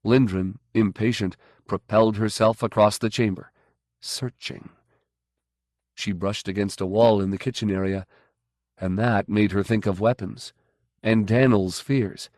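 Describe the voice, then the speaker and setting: Male audiobook narrator, measured and even, lowish voice. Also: no echo, clean studio sound. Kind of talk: scripted narration.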